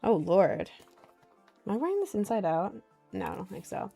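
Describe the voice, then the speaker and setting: Gravelly-voiced young woman rambling on stream. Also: mid-range voice, sing-song, moderate pace, pauses often, a little mellow. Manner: rambling, self-deprecating, giggly. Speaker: livestreamer reading chat. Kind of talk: casual livestream chat. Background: faint Celtic music.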